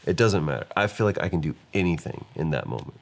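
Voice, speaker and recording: A man's voice: sits low, lively intonation, fast, creaky. A man co-hosting a casual podcast, joking and laughing often. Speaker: podcast co-host. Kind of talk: casual banter.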